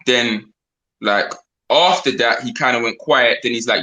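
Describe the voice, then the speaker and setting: A man from England with a London accent and a mid-range, sharp-toned voice is a grime MC guest in a casual interview. He tells stories in a slangy, quick manner, retelling conversations through quoted bits.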